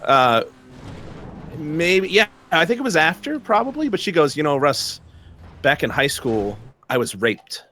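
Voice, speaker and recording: A man's voice: a little high, very animated, unhurried, bright, forceful tone. A young man telling a long personal story in casual chat, rambling with many fillers and frequent laughs.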